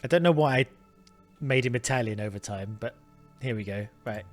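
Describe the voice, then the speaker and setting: A man's voice: mid-range voice, brisk, soft background music. A man, casually thinking aloud while playing a game. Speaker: let's play host.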